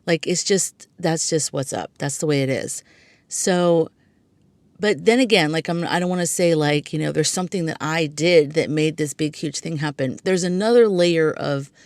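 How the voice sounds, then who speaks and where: A woman's voice: sits low, normal speed, a little mellow, dry recording. A woman hosting her own podcast, talking casually and reflectively with lots of "like" and "you know". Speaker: podcast host. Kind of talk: casual solo podcast talk.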